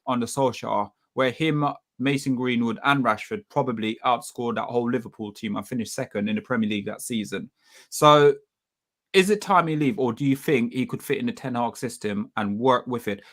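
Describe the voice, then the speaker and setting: A man's voice: mid-range voice, a bit bright. Chatty man leading a fan discussion. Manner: chatty, hesitant, many fillers. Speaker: fan show panelist leading the topic. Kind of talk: casual live-stream chat.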